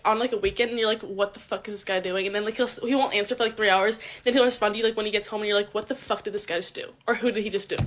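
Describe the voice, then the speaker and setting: Fast rambling young woman swearing. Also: a little high, a bit bright. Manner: rambling, swears constantly, fillers. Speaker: social media creator. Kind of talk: casual video advice monologue.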